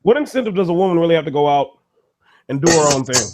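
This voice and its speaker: A man with a notably high voice rants in blunt, profane bursts. He is co-hosting a loose, casual discussion. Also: lively intonation, fast talker, noisy background. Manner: blunt, ranting, heavy swearing. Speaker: podcast co-host.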